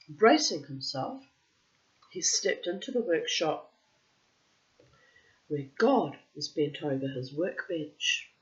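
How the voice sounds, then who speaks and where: A woman's voice: low-pitched, lively intonation, slow, pauses often. A woman telling a story aloud, with chatty, self-mocking personal asides. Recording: dull lo-fi recording.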